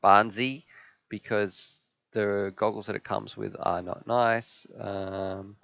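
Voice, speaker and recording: Male stream host, low-pitched, enthusiastic, casual Q&A patter, dull and dry lo-fi audio. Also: fairly even intonation, slow pace, creaky, fairly bright tone, dry recording. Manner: enthusiastic, chatty, reads viewer questions aloud.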